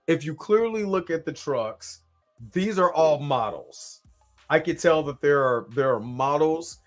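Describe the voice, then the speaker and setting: A talkative man from Kansas City hosts his own reaction show, rambling through his thoughts in a loose, conversational way. His voice sits a bit higher than most men's, and faint music plays under it. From Kansas City, USA. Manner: talkative, repeats "you know what I'm saying", restarts. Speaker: show host reviewing an episode. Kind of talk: casual live reaction commentary.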